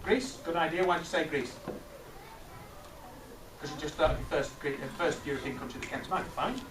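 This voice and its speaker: A middle-aged man teaching a class of children, asking lively questions and checking with tag questions. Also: a little high, fairly quick. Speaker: teacher leading a maths master class. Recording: echoey classroom from far off, noisy.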